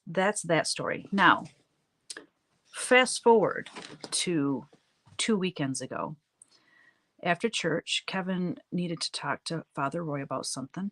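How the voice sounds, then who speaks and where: A woman whose voice is low yet fairly bright in tone paints live on stream from her home studio, standing at her work. She talks casually with viewers, spinning funny stories punctuated by plenty of laughter.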